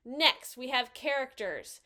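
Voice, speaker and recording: A woman hosting a casual picture book review, cheerful and gently enthusiastic as she hands out scores. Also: high-pitched, very animated, slow pace.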